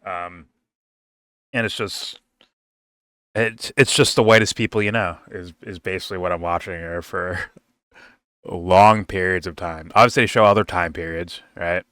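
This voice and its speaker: A man's voice: sits low, steady tone, moderate pace, pauses often, a bit bright, dry recording, clean studio sound. A man giving a casual, rambling film review, swearing freely and laughing often.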